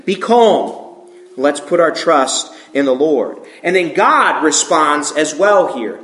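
A man's voice: fairly high pitch, measured pace. Man preaching casually in an echoey room. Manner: relaxed, informal, asks the listeners questions. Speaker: pastor. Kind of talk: conversational sermon.

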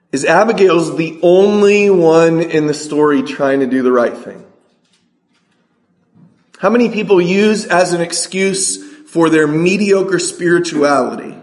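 A man preaching a sermon, asking his congregation rhetorical questions and reading scripture aloud slowly. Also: a little high, reverberant.

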